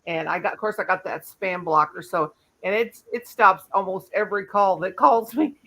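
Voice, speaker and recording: A woman's voice: medium pitch, normal speed, fairly bright tone, rough recording. An older woman chatting casually on a live stream, rambling with easy laughs.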